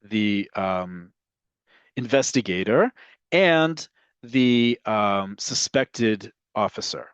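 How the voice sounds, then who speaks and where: A man's voice: on the low side, animated, very slow, smooth, no room sound, dull audio. A man teaching an online lesson on Hebrew grammar, explaining step by step and often checking in with "right?".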